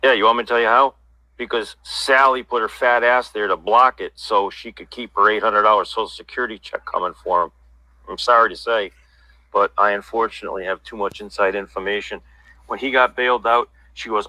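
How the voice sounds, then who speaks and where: A man's voice: fairly low pitch, steady tone, brisk, sharp tone, dry recording, rough recording. A man talking bluntly and at length as an interview guest, passing on inside gossip in casual livestream chat. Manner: blunt, rambling insider talk.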